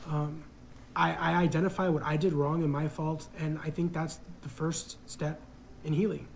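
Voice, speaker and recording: A man's voice: on the high side, little pitch movement, normal speed, vocal fry, slight background noise, low-quality recording. A man casually telling a personal story in a reflective, hesitant way, full of fillers.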